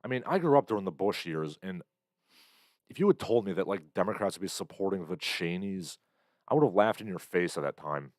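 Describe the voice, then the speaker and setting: A livestream host in his thirties, with a very low voice, rambles bluntly through his own stream, reacting to chat comments as they arrive and using lots of fillers. His delivery is expressive and fairly quick. The recording is close and dry, with no room sound.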